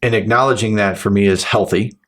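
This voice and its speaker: Man, low-ish voice, rambling podcast host; casual, profane, restarts often. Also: steady tone, fairly quick, a bit bright. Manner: rambling, restarts sentences, swears freely; acts out his partner's replies. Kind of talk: casual chat.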